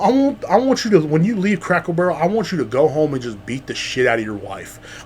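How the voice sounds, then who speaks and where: A man hosting his own podcast in a casual comedic monologue. He rambles and swears, swinging between loud outbursts and low mutters. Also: slight background noise. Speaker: podcast host.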